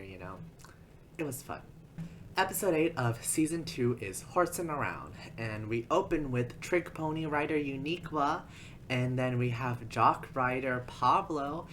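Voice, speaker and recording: A man's voice: medium pitch, a bit bright, a little hiss or hum. A man narrating a casual video essay in a rambling, chatty way, full of asides.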